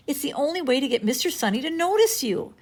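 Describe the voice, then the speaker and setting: A woman voicing an excitable young schoolboy in a storybook reading, high and loud. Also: fast. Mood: eager.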